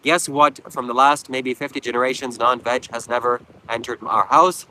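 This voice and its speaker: Guy doing a livestream, bright voice, preachy and kinda mocking, reads chat out. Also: mid-range voice, steady tone, normal speed, slight background noise, poor audio. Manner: preachy, blunt, mocking viewers. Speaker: livestream host. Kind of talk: live stream chat reading. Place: outdoors at a beach.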